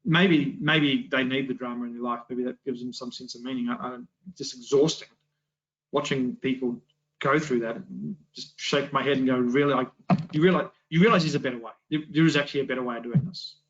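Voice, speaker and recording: A man's voice: mid-range voice, fairly quick, muffled recording. Conversational man teaching a Bible class. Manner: conversational, many restarts and rhetorical questions. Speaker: Sunday school teacher.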